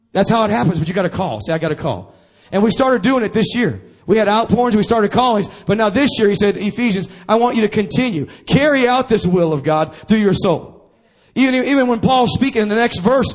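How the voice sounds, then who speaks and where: A man preaching a sermon to his congregation, calling for responses and repeating his phrases. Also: sits high. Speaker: pastor.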